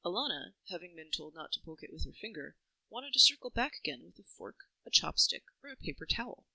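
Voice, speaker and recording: Woman storyteller, bright and dry, reflective first-person reading. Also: fairly low pitch, very animated, brisk, gravelly, no echo, low-quality recording. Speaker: narrator.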